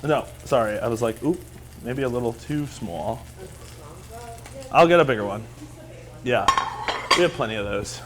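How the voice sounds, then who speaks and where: A man's voice: medium pitch, normal speed, pauses often, noisy background. A man teaching a live cooking class in a kitchen, chatty, upbeat and self-deprecating, over the sound of sizzling pans and clattering cookware. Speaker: cooking instructor. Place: kitchen studio. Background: sizzling pan and clattering cookware.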